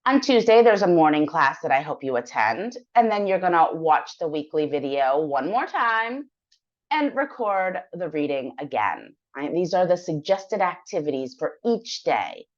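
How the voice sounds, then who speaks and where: A woman teaching English online, explaining a weekly practice plan step by step in a clear, encouraging way. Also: deep voice, big pitch swings, normal speed. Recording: dull lo-fi sound.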